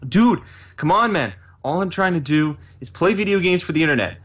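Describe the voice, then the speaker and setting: A man's voice: sits high, lively intonation, brisk. A man putting on a whiny, foul-mouthed male gamer streamer who is paranoid and hot-tempered, ranting and cursing, on a muffled lo-fi recording. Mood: angry ranting. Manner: ranting, cursing, indignant whining.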